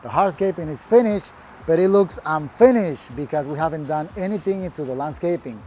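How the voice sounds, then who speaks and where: A man's voice: fairly high pitch, animated, brisk, darkish tone, slight background noise. A man working as a landscaping contractor, giving a casual, upbeat walkthrough of a finished patio outdoors. He talks plainly and sounds proud of the work.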